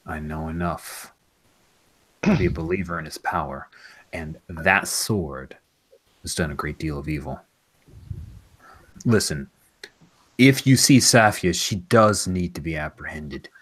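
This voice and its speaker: A man playing a stern, authoritative older official in a tabletop game, speaking gravely and with command. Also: a little slow, long pauses, full character voice. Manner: grave, commanding, lower and quieter.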